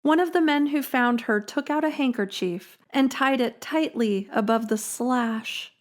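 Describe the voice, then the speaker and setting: A woman hosting a storytelling podcast, reading a scripted story in a measured, dramatic way. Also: fairly high pitch. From Illinois, USA. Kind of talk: scripted narration.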